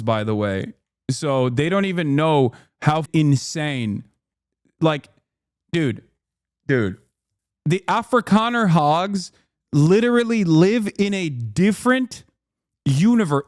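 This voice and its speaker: A man in his thirties ranting and reading aloud in a live-stream commentary, fast and sarcastic. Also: high voice, no echo, studio quality. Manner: fast, heated, sarcastic rants. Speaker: streamer reacting to news clips.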